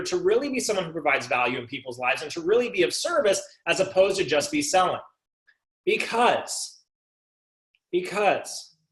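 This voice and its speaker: A man's voice: high voice, fairly bright tone. A man leading a sales coaching call, asking rhetorical questions and checking in with his listeners. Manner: rhetorical, keeps asking "right?". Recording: echoey room.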